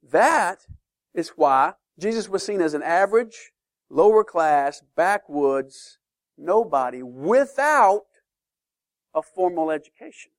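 A man teaching a sermon-style Bible lesson to a class, emphatic and lively, often checking in with questions. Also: high voice, takes it slowly, no room sound, clean studio sound.

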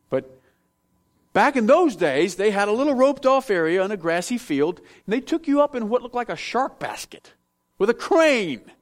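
A middle-aged man preaching a sermon, telling stories with self-mocking humor. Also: sits high. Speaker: pastor.

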